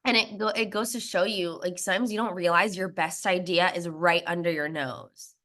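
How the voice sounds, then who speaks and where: A snack brand founder in her young adult years tells her story in an interview with a low-leaning voice at a moderate pace. She is chatty, often laughing, and livens things up by quoting others.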